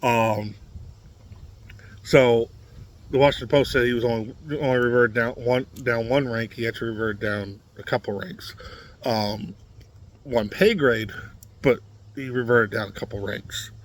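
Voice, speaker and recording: A man's voice: medium pitch, steady tone, unhurried, pauses often. Blunt man ranting to camera. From Nebraska. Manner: blunt and combative, many fillers and restarts. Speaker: political commentary vlogger. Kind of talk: casual opinion monologue to camera.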